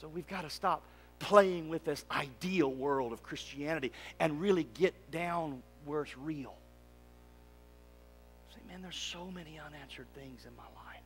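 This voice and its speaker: A male pastor preaching a sermon, asking his congregation to answer back and swinging from loud emphatic lines to quiet asides. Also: fairly high pitch, a little slow, a little hiss or hum. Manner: preaching, calling for congregation responses. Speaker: lead pastor. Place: church sanctuary. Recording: long reverb of a church sanctuary.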